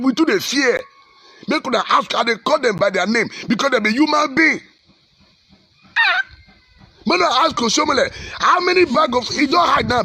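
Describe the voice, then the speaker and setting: A man's voice: very high voice, pushed and bright, slightly rough. A man with a Nigerian accent, a pastor delivering fiery, repetitive exhortation on the state of his country. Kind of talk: impassioned social commentary.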